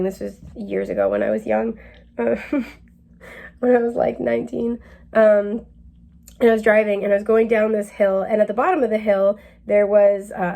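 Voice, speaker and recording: Giggly chatty young woman with gravelly fry. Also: mid-range voice, warm tone. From New England. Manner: chatty, giggly, rambling with many fillers. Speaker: tarot reader. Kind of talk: casual spiritual reading.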